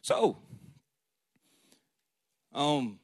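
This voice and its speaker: Lively, chatty man teaching the Bible. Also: on the high side, extremely slow, no room sound, studio quality. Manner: conversational, retells scenes in casual slang voices. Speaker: preacher.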